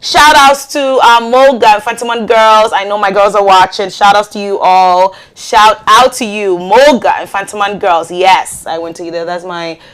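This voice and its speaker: A woman from Ghana hosts a live call-in show in a mid-range voice. She chats loosely, laughs often and reads out viewers' comments and shout-outs, with plenty of fillers. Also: mid-range voice, fairly even intonation, moderate pace, few pauses.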